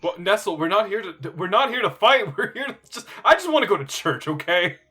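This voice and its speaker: A man playing a tabletop game, animated and excitable, often laughing. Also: high-pitched, a little fast, slightly rough. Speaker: player. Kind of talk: casual tabletop play.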